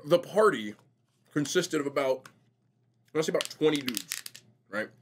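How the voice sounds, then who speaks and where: A young man vlogging casually while eating, telling stories in a slangy, animated way. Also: on the high side, a little slow, a little hiss or hum. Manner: animated, slangy storytelling, says bro a lot. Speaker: mukbang vlogger.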